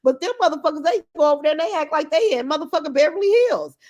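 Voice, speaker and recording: A woman's voice: sits high, expressive, very fast, a little mellow. A middle-aged woman livestreaming, talking in a blunt, profane, mocking way with emphatic repetition. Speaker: live streamer. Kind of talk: unscripted livestream rant.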